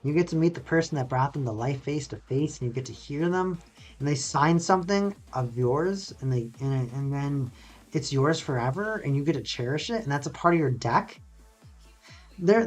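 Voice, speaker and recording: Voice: medium pitch, moderate pace, soft background music. A laid-back, sarcastic streamer from North America, chatting casually and rambling on a live stream.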